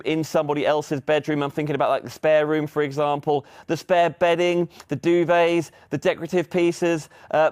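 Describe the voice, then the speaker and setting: A man's voice: a little high, a little mellow. A middle-aged man presenting a live TV shopping demonstration, giving chatty, upbeat sales patter with asides to viewers.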